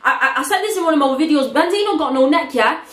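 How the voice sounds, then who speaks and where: Excitable high-voiced woman reacting. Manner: excitable, exclaims often, pauses to repeat and explain lyrics. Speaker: music reaction vlogger. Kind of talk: reacting to a song, casual commentary. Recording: echoey room.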